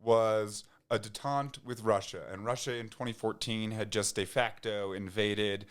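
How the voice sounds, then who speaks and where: A man's voice: fairly low pitch, unhurried, clean tone. A man, a podcast guest, talking in a loose casual way with many restarts and fillers. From United States. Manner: rambling, frequent restarts and fillers, laughs when excited. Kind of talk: casual conversation.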